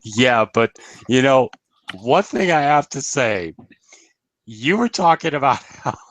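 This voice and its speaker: Relaxed man on a dry mic. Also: mid-range voice, slow, dry recording. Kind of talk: casual review chat.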